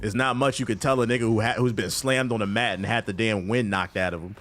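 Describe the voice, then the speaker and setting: A man telling a story in a casual, profane rant, animated and prone to repeating himself. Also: on the low side, fast, slight background noise. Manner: animated, profane, repeats phrases, jumps into quoted voices.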